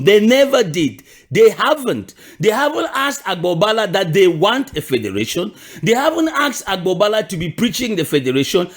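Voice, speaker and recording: A man with a Cameroonian accent delivers a fiery political monologue. His fairly high voice leaps up and drops low from phrase to phrase, and he hammers his questions home through repeats and restarts. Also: sing-song, normal speed, hardly any pauses. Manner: repeats questions with emphatic restarts and sudden pitch jumps. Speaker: political commentator.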